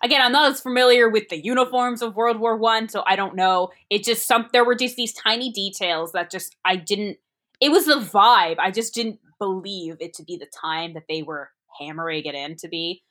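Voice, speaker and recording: Bright chatty woman reviewing a movie. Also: medium pitch. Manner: chatty, rambling, quick asides. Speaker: podcast co-host. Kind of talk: casual movie review chat.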